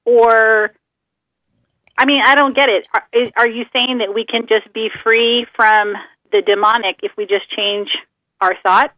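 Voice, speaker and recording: A woman's voice: fairly high pitch, steady tone, measured pace, bright, forceful tone, dry recording. A woman calling into a radio show, asking hesitant, searching questions. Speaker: caller. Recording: tinny phone line.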